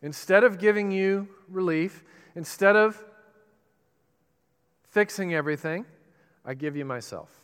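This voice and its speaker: A man preaching a sermon with dramatic pauses and rising emphasis. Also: sits high, a bit bright, smooth. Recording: reverberant hall.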